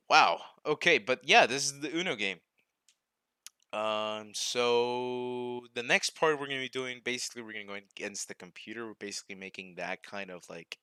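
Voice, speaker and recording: A man's voice: medium pitch, sharp tone, clean tone, no echo, clean studio sound. A young man hosting a casual live coding stream, talking to himself as he works, scattered and self-mocking, laughing at his own mistakes.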